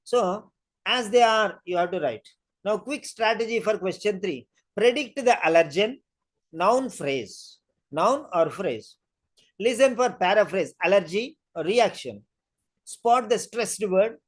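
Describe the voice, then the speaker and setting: Repetitive, deliberate exam-prep tutor. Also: mid-range voice, lively intonation. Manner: slow, repetitive, drills each point; deliberate, emphatic teacher talk. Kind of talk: listening test lesson.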